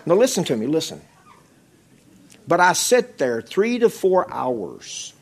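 Man, middle-aged, preacher, husky voice, conversational testimony, repeats phrases. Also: fairly high pitch, very animated, slow pace. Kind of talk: testimony sermon.

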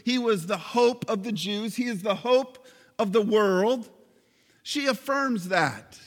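Male pastor, high voice, emphatic sermon delivery, long hall reverb. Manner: emphatic, with slow stressed phrases.

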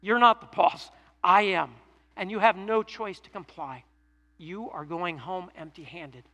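A man delivers a sermon with a high, bright voice that carries a long reverberant tail from the hall. He reads scripture aloud, then paraphrases it in an easy, conversational way. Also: measured pace, muffled recording. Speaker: pastor.

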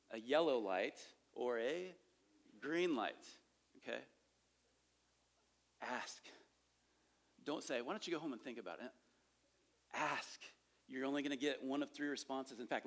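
A man's voice: medium pitch, a bit bright. A man preaching a sermon on sharing faith, talking conversationally and checking in with the listeners often. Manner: conversational, repeats points with frequent "okay?" check-ins. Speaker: pastor teaching evangelism.

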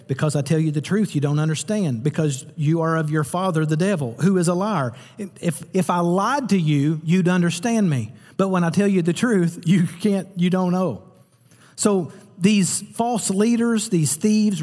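A man's voice: high-pitched, a little mellow, big-room sound. A man preaching a sermon as pastor, teaching earnestly and repeating words for emphasis.

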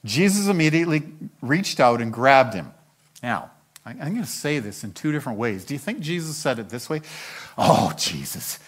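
A man's voice: mid-range voice, big pitch swings, a little fast. An older man preaching a Bible-teaching sermon, telling the story with animation and acting out the characters' lines.

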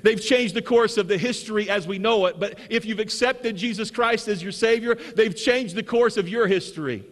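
A man's voice: high-pitched, moderate pace, a bit bright, big-room sound. A male pastor preaching an Easter sermon who calls the congregation to say amen and repeats his key phrases for emphasis. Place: church sanctuary.

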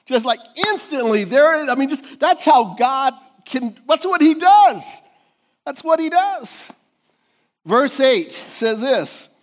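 A man preaching a sermon to his congregation in a high, lively voice. He swings from near-shouts down to hushed tones and laughs often between points. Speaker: pastor.

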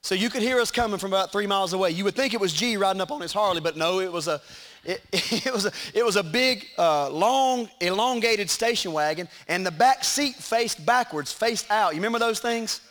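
A middle-aged man preaching a sermon in a church, animated, with shouted peaks and joking asides. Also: sits high, a little fast. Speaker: pastor. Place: church sanctuary.

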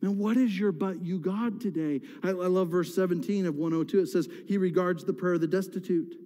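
A male pastor preaching a sermon, swinging between loud pleading cries and hushed whispers in a church. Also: high-pitched, brisk. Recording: reverberant hall.

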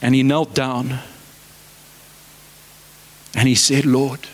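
Man, preacher, sermon, fervent, exhorting, rhetorical questions, slightly high voice. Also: unhurried, a bit bright.

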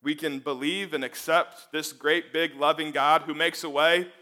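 A man with a somewhat high, bright, forceful voice delivers a sermon. He speaks emphatically, asking the listeners question after question. He sinks to a quiet hush and then swells back to full strength. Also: steady tone, normal speed. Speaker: preacher.

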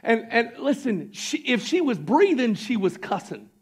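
A man preaching a church sermon, swinging between fervent shouting and sudden near-quiet asides, with a Southern American accent. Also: very high voice, very animated, unhurried, breathy edge. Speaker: pastor. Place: church sanctuary.

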